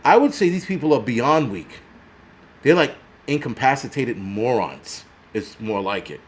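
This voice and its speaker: A man's voice: medium pitch, big pitch swings, unhurried. An older man, hosting his own channel and ranting with heavy profanity and sarcasm. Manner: profane, sarcastic, mocking voices of others. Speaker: prepper channel host. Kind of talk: angry vlog rant. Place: New York City.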